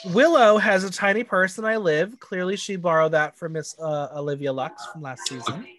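High-voiced, snarky male podcast host. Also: a bit bright, faint music behind. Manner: snarky, gossipy, quick with quips. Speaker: podcast co-host recapping a reality show. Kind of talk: casual recap chat.

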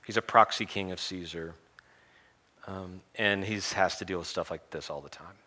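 Preacher guy telling the story casually, funny and lively, bright tone. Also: sits low, normal speed. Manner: animated, conversational, humorous. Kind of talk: storytelling sermon.

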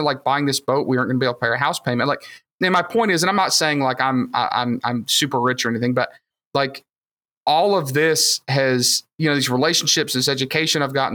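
With a bright, forceful, mid-range voice, this Southern Alabama man tells rambling, excited stories thick with fillers. He's appearing as a guest on a casual podcast he'll go on to host.

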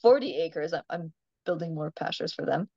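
A chatty woman tells farm animal stories in a relaxed interview, with frequent laughs and easy "um"s. The sound is dry and a little muffled, with no room echo. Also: sits low, moderate pace, creaky. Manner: chatty storyteller, laughs often, many ums. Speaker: farm animal owner, guest. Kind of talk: casual interview chat.

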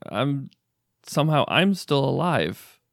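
A man playing a shaken, grieving father, halting and stammering. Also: mid-range voice, sing-song, vocal fry, no room sound, clean studio sound, exaggerated voice.

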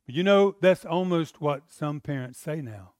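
A man's voice: on the high side, moderate pace, darkish tone, no room sound, studio quality. A middle-aged man, preaching a sermon in a conversational style that rises to emphatic outbursts. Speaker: pastor.

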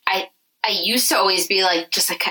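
Frank, bright-voiced woman in her thirties. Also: medium pitch, brisk, poor audio. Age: 30s. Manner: frank and animated, acts out her own inner voice, swears freely. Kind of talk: casual chat.

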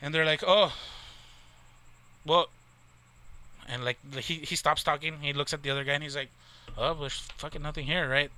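A man's voice: on the high side, sharp tone, smooth. A man in his thirties from near the Texas border, telling a rambling, profane story in casual chat with lots of fillers. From Texas, near the Mexican border.

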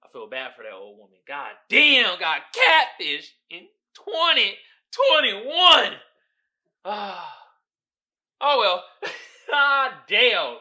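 Animated, bright-voiced male podcast host. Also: sits high. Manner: animated, profane, laughing often. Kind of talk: casual solo commentary.

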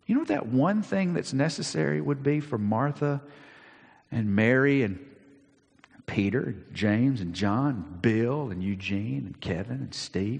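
A man preaching a sermon in a church, dramatic, swinging between loud declarations and hushed asides. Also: medium pitch, lively intonation, unhurried, gravelly, husky. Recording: long reverb.

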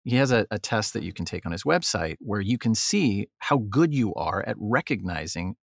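A man's voice: on the low side, moderate pace, creaky, dry recording, clean studio sound. A man being interviewed as a photographer, talking casually and acting out quotes as he tells stories. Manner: animated, acts out quotes. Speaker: guest, photographer. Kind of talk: casual interview talk, storytelling.

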